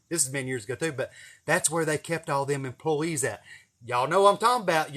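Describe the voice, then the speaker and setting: A man telling casual stories, swearing a lot and acting out what people said. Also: a little high. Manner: swearing, animated storytelling with acted-out quotes. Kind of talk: casual storytelling.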